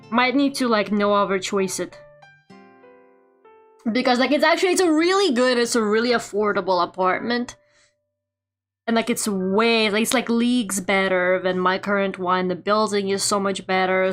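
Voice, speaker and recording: A young woman streamer chatting casually while she draws, telling stories animatedly with lots of laughter and "like". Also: medium pitch. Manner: animated storytelling with frequent laughter and filler "like". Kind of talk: casual live-stream chat while drawing.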